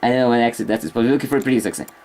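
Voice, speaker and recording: A man talking casually to his vlog audience, rambling and halting as he searches for words. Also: medium pitch, animated, a little mellow. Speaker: vlogger.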